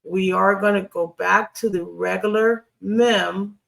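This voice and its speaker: Slow, gravelly-voiced Hebrew grammar teacher. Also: mid-range voice, fairly even intonation, fairly bright tone. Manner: deliberate, repeats key phrases, frequent ums. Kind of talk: screen-share lesson.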